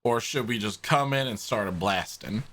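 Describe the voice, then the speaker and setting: A man's voice: fairly low pitch, moderate pace, a bit bright. A man joking casually as a player in a tabletop game.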